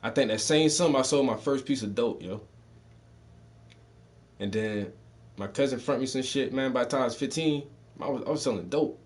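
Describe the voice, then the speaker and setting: A man in his thirties with a mixed Southern and Northern US accent, spinning stories in a loose, profane street style. He talks casually and laughs often, his voice sitting at a middling pitch. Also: moderate pace, pauses often. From Southern United States. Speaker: podcast host telling stories. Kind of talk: casual storytelling.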